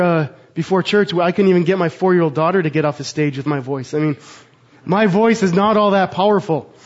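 A man's voice: sits high, darkish tone. A man in his thirties, a pastor preaching a sermon with earnest, rhetorical questions. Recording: slightly dull, muffled sound.

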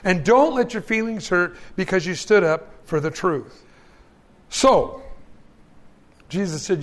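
A man's voice: sits high, big pitch swings, takes it slowly, fairly bright tone. A male pastor preaching a sermon, reading scripture aloud and speaking to the congregation as friends in an emphatic, folksy way.

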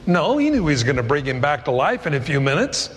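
A man's voice: fairly high pitch, very animated, quick pace, a little hiss or hum. A middle-aged man preaching a sermon in a conversational, storytelling way. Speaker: pastor. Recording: long hall reverb.

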